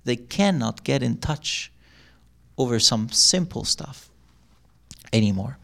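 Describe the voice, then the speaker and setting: A middle-aged man speaking to a live audience in an ordinary, mid-range voice. He talks in an animated way, acting out quoted lines and laughing often. His delivery is loose and conversational. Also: medium pitch, slow pace, gravelly. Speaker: workshop speaker.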